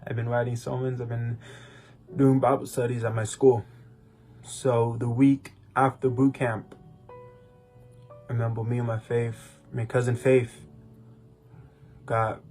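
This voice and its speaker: A young man recounts his personal testimony in an easygoing, rambling way, circling back and restarting his sentences. His voice sits at an ordinary middle pitch, and faint guitar music plays softly behind him. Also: level tone, unhurried, pauses often. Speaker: podcast co-host. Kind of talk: personal testimony, casual chat.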